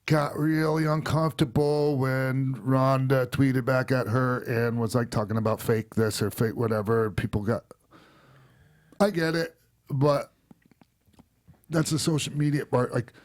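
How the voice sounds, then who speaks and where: A man's voice: mid-range voice, steady tone, a little slow, darkish tone. A man hosting a podcast in casual chat, ranting heatedly and swearing often. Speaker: podcast host.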